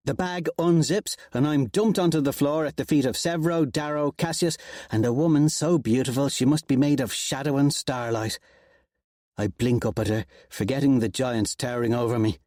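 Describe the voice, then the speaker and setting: A man narrating an audiobook with an expressive, wry first-person reading. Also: mid-range voice, moderate pace, dry recording, clean studio sound.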